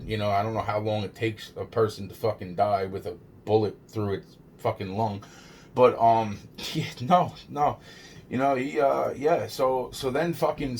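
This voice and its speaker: A man's voice: lowish voice, darkish tone, a little hiss or hum. A man telling a personal story in a rambling, casual way, swearing heavily and restarting his sentences.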